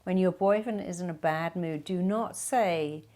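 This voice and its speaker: Woman, middle-aged, low-pitched, emphatic self-help speaker answering viewer questions. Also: a little slow, darkish tone. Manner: emphatic, acts out quoted speech.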